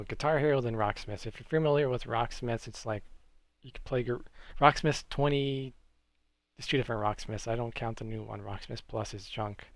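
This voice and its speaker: A man's voice: medium pitch, gravelly, no room sound. A man streaming live, chatting casually with viewers and reacting to chat messages.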